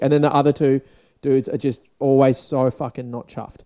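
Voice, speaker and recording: Gravelly, dark-voiced Australian man ranting. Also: mid-range voice, level tone, normal speed. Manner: rambling, sweary, restarts often. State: sore, dried-out voice. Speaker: podcast host. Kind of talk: casual solo rant.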